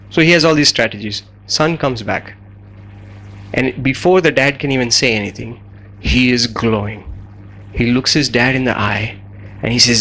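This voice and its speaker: A man speaks as a guest lecturer, warming the room with a long anecdote. His tone is bright and forceful, his pitch sits in the middle of a man's range, and he talks casually with plenty of "you know" and "like.". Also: moderate pace, gravelly, rough recording. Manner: conversational, anecdotal, frequent fillers. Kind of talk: storytelling lecture to an audience.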